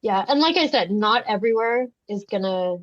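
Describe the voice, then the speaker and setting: In a casual podcast she co-hosts, a day home provider tells stories animatedly and imitates the voices involved. She speaks a little fast at medium pitch, and the lo-fi audio is dull and dry with no echo.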